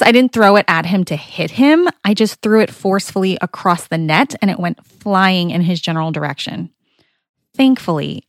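A woman's voice: medium pitch, no room sound, studio quality. A woman hosting a show for moms, giving an upbeat, confiding talk straight to the listener. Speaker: podcast host. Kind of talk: scripted motivational talk.

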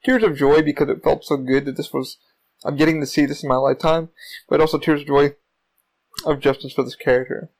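A man hosting his own podcast, telling stories in a casual solo monologue, rambling and excitable and swearing often. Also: a little high, a little fast, creaky, poor audio. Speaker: podcast host.

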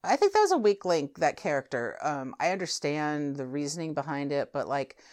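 A woman's voice: low-pitched, very animated, fairly quick, a little mellow. A woman in casual conversation about a film, rambling with asides as she tells what she noticed. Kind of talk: casual movie discussion.

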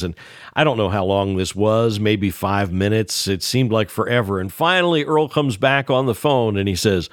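A man telling an anecdote in a lively, casual way, acting out the dialogue as he goes. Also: fairly low pitch, no room sound, clean studio sound. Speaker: banjo player sharing a memory. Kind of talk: storytelling.

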